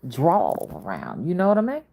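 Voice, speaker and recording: A channel host and spiritual reader in her fifties talks in a Southern accent, rambling casually across many topics. Her low, gravelly voice has a dark tone and huge pitch swings, delivered at normal speed.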